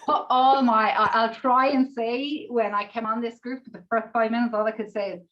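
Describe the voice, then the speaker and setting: A woman's voice: on the high side, steady tone, normal speed, fairly bright tone. Woman, emotional, rambling, gushing, swears, muffled lo-fi call audio. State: emotional, near tears. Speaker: participant in a group coaching session. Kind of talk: emotional sharing in a group call.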